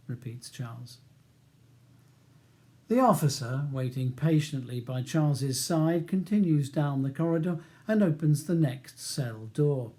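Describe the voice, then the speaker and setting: A man reading his own novel aloud as an audiobook, in a measured, even narration. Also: medium pitch.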